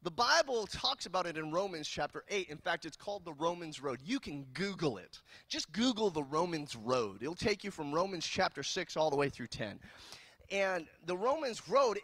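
A man from California preaching a sermon as pastor, telling jokes and stories in an animated way. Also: high-pitched, no room sound. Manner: animated, joking storyteller. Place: church.

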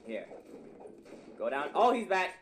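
A man doing excitable gameplay commentary, trash-talking his opponents. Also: high voice, measured pace, noisy background. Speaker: gamer in played clip.

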